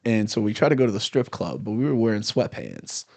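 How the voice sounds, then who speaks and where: With a lowish, creaky voice and a slightly fast pace, a comedian guest shares a story in a casual chat. He animates it by loudly playing the angry cops, and there's no room sound.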